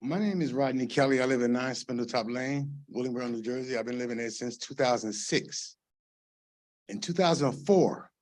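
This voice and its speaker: A middle-aged man speaking at a council meeting's public comment, impassioned and rambling, swinging from quiet to loud at a podium microphone. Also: medium pitch.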